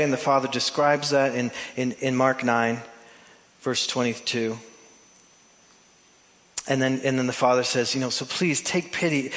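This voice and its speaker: Preaching man in a reverberant church. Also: mid-range voice. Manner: animated preaching, swings between loud emphasis and soft drawn-out phrases; playful asides to the congregation. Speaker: pastor. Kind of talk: sermon. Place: church sanctuary. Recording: long hall reverb from a church.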